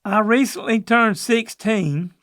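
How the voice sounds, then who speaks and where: A man's voice: high voice, slow, fairly bright tone, no room sound, studio quality. An older man, co-hosting a casual chat and stumbling hesitantly over unfamiliar words. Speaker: podcast co-host, the father.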